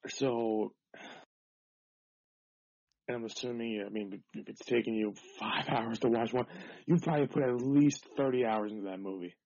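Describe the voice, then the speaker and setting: Podcast co-host, man, calm and dry, mellow dark tone, dull lo-fi sound. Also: medium pitch, moderate pace, vocal fry, long pauses, dry recording. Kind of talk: casual chat.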